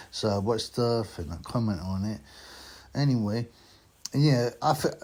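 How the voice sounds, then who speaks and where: A man vlogging about boxing in a casual, rambling way, slightly drunk and slow, with many fillers. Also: mid-range voice, sing-song, a little mellow, slight background noise. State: tipsy from drinking.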